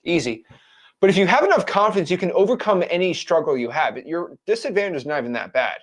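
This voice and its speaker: A man's voice: high-pitched, big pitch swings, quick pace, a little hiss or hum. A man in his twenties giving a blunt, frank motivational talk to camera as a real estate wholesaling coach. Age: 20s.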